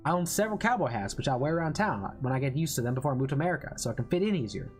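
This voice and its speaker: A man doing a slow drawling cowboy braggart. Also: mid-range voice, sing-song, faint music behind, natural voice. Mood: boastful. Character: boastful cowboy rancher man, eager fan of American culture.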